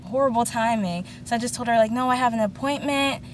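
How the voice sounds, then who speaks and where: A woman in her twenties vlogs from a parked car, chatting casually as she tells a long story and acts out the voices of the people in it. Her voice is on the high side and fairly quick, with a noisy background.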